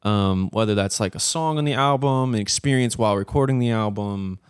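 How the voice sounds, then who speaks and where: A man hosting a casual group podcast, relaxed and leading the conversation. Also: on the low side, brisk, clean tone, no room sound, clean studio sound. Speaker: podcast host.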